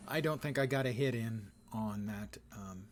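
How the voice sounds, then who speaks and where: A man's voice: lowish voice, takes it slowly. Dry, sarcastic male game streamer. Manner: dry, sarcastic, playful wordplay. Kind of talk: casual gameplay commentary.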